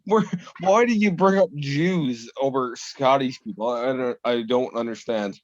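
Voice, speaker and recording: A podcast co-host trades casual banter over a call, teasing and swearing bluntly in a combative way. He speaks at a measured pace in a mid-range voice with no echo. The call audio is dull and lo-fi.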